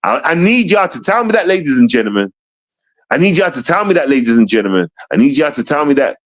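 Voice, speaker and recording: Man, livestream rant, repetitive, profane, jumps from high shouts to low mutters. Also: very animated, fast talker, low-quality recording. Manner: repetitive, emphatic, keeps asking "you understand?"; profane and heated. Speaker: streamer.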